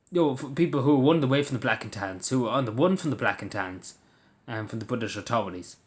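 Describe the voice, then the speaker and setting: A man's voice: mid-range voice, expressive, fast. A man, ranting angrily in a monologue, swearing often and stumbling over restarts. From Ireland. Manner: angry, swearing, stammering restarts. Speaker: commentator.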